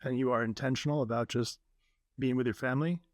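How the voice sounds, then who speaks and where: A man's voice: mid-range voice, fairly even intonation, quick pace, no room sound. Man, podcast host, earnest, casual interview, dry close sound. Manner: earnest, warm-hearted, many fillers.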